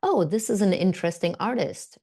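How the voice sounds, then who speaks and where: A woman's voice: mid-range voice, fairly quick, mellow, close to an everyday voice. A woman acting out an enthusiastic male artist who muses with delight. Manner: delighted, musing. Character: enthusiastic older male artist, curious and charmed.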